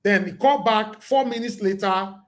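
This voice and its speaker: A Nigerian man hosting a livestream call-in show, talking in an emphatic, preachy way and repeating himself, his voice going hoarse. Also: sits high, moderate pace. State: losing his voice. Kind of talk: casual livestream talk with call-ins.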